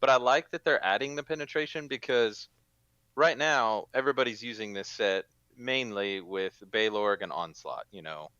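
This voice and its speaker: A man on a casual gaming podcast, his low voice edged bright and forceful. He weighs his opinions carefully and hedges them, heard through a dull lo-fi mic with a dry sound. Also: normal speed, smooth, dry recording. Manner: thoughtful, hedging opinions. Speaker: podcast guest.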